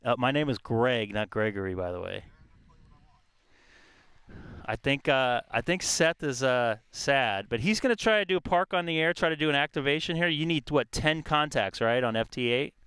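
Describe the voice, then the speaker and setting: A man's voice: medium pitch, expressive, normal speed, a bit bright, clear, resonant tone, no room sound. A man chatting casually and rambling outdoors in a park during a ham radio live stream, with plenty of fillers. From California.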